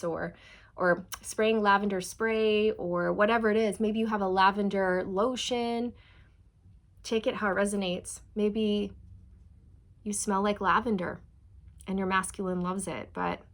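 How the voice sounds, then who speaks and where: A young adult woman giving a slow, soothing channeled tarot reading, speaking straight to her viewers. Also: medium pitch, a bit bright. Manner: slow, soothing, spiritual, addresses viewers as you guys. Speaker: tarot reader.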